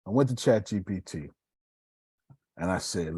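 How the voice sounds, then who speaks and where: A man giving a casual, preacherly motivational talk on live video, swinging between loud bursts and hushed asides. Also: deep voice, expressive, unhurried, long pauses, slightly rough, dry recording.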